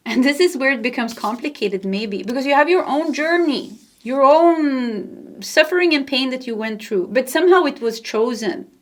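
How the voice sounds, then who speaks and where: A woman with a Nordic accent giving a tarot card reading to camera, soft-spoken and gentle, laughing lightly now and then. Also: fairly high pitch. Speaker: tarot reader.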